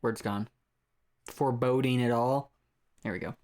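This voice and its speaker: A man's voice: medium pitch, steady tone, measured pace, a little mellow. A man at a tabletop game, talking casually in a mid-range voice. He asks the table questions and now and then loses his words before finding them again. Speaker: player.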